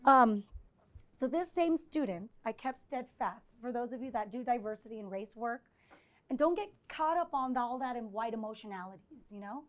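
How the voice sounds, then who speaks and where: A woman's voice: fairly high pitch, animated, moderate pace. A woman professor giving a live lecture to an audience and taking their questions. She talks in a conversational way, keeps checking in with "right?" and acts out the exchanges she quotes. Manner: conversational, often checks in with 'right?'. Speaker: visiting professor giving a presentation.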